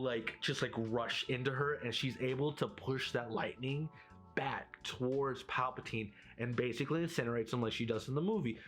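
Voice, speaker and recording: Rambling, animated man in casual chat. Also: mid-range voice. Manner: rambling and animated, full of filler words. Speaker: video creator.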